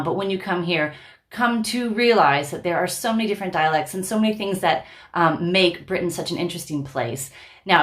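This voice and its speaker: Animated chatty woman vlogger. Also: on the low side. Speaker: founder and director of an education consultancy, vlog host. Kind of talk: casual talk to camera.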